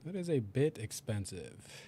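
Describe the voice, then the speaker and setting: A young man giving casual, animated commentary while playing a life-sim game, talking to his characters and voicing their reactions. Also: on the low side, a little slow, a little hiss or hum. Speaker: gaming video creator.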